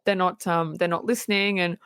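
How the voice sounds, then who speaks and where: A woman's voice: lowish voice, a little fast, smooth, dry recording, clean studio sound. Chatty woman recapping a film. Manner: animated retelling with laughs and acted quotes. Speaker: podcast co-host. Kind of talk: casual film recap chat.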